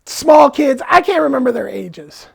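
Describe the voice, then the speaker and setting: High gravelly-voiced man, angry and profane. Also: expressive, unhurried, a little mellow. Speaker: vlogger. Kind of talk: casual autobiographical storytelling.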